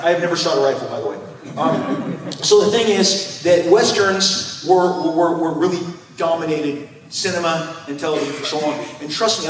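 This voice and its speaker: A man in his fifties telling animated, rambling stories on a convention panel, stammering and acting out quotes. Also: fairly high pitch, a little hiss or hum. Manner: excitable, rambling, stammering restarts, acts out quotes. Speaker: panel guest, comic creator. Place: large convention hall. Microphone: recorded from far off in the audience. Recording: echoey convention hall from far off.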